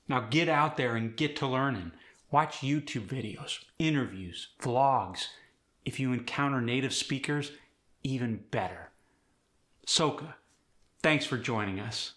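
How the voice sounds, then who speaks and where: Man, accent coach, tutorial delivery, encouraging, bright forceful tone. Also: mid-range voice, moderate pace. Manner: clear, demonstrative, encouraging.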